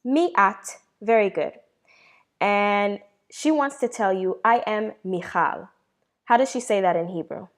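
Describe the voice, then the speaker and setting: A woman teaching a beginner Hebrew lesson, asking questions, pausing, then answering them herself with praise and slowing down to model each word. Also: mid-range voice. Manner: slows down to model words.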